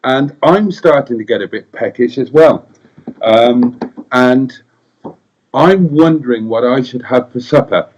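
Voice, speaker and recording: A middle-aged man with a Welsh accent chats on a casual live stream, wry and playful. He reads viewer comments aloud and answers them at an easy, middle pitch. The sound is dull and a little lo-fi. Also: measured pace, darkish tone. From Wales. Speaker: co-host.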